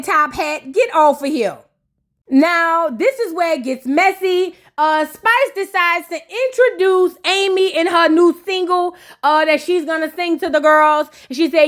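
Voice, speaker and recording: A woman with a high voice recaps a reality show in a gossipy, sassy tone. She tells it casually, like juicy news for a friend. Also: normal speed, a bit bright. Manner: gossipy, sassy, colloquial storytelling.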